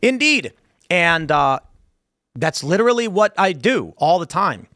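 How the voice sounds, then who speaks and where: A man hosting a casual talk show, arguing quickly and reading out viewer comments. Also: high voice, sing-song, sharp tone, no echo, studio quality. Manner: argumentative, fast, mock-quotes people in asides. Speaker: host.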